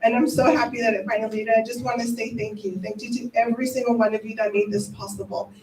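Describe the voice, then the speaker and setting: A woman's voice: a little high, flat delivery, fast, darkish tone, slight background noise. A middle-aged woman teacher giving a heartfelt, emotional ceremony speech in a school cafeteria. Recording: echoey room from a distant mic.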